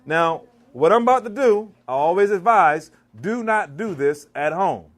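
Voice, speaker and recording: A man from Maryland giving an animated live cooking demonstration in a church hall, teasing and quizzing his audience. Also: high voice, a little slow. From Maryland, US East Coast. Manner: animated, teasing, asks the crowd questions. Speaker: chef giving a cooking demo.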